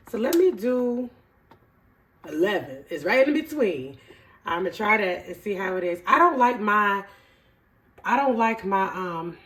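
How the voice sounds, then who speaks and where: A woman, chatting excitedly while she cooks in a casual vlog. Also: mid-range voice, reverberant. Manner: chatty and excitable, laughs easily. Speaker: fitness vlogger cooking at home. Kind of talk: casual cooking vlog chat.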